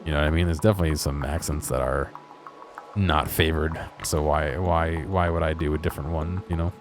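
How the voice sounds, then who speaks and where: A man's voice: extremely low pitch, fairly even intonation, brisk, soft background music. A man casually commentating a let's play video, chatting between reading the game's text aloud. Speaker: gaming video creator.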